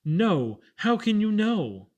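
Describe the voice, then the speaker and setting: A man's voice: medium pitch, expressive, moderate pace, darkish tone, highs cut off, lightly acted. A man voicing a feverish, anxious young Irish orphan who pleads breathlessly. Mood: distraught.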